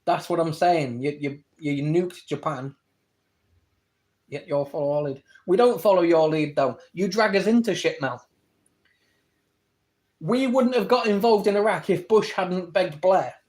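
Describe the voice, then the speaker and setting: On a live stream, an Englishman with a high, darkish voice argues his case to viewers with rapid rebuttals. He reads chat comments aloud and responds to each one in this debate-style broadcast.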